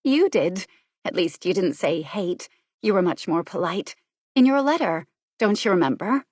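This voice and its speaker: A woman's voice: on the low side, animated, moderate pace, darkish tone, husky, no echo, clean studio sound. A woman doing an anxious, impulsive young woman. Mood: earnest.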